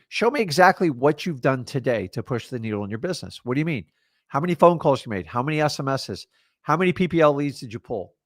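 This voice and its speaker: A man's voice: a little high, a bit bright, no echo, clean studio sound. A man coaching on a live stream, blunt and fired up, lecturing his viewers on accountability. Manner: imitates excuses in mocking quoted voices. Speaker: real estate wholesaling coach.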